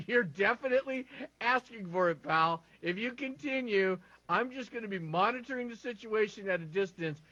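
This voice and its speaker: A man co-hosting a sports talk show, telling animated stories with lots of stumbling restarts. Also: high-pitched, moderate pace, no room sound, highs cut off.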